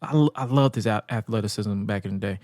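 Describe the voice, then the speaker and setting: Animated man recapping wrestling, dry sound. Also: fairly low pitch, fast, dry recording. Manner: animated, acts out quotes in exaggerated voices; laughs often, casual slang. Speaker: podcast co-host.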